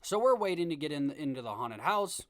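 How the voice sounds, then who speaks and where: A man in his twenties hosting a podcast, telling a story in a casual, rambling, animated way with many restarts. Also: on the high side, a little fast. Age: 20s. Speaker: podcast host.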